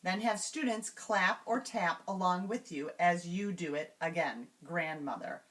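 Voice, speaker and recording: A woman's voice: on the low side, fairly bright tone, recorded from a distance. Woman teaching routines, a bit off-mic. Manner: clear, measured, slows to sound out example words. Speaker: teacher trainer. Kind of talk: instructional walkthrough.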